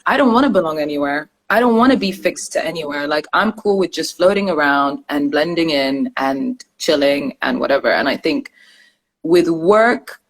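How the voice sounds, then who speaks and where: Lively woman, mixed British-American accent. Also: on the low side. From Sudan and Britain. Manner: animated, fast-shifting, code-switching storyteller. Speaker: guest journalist. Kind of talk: casual interview chat.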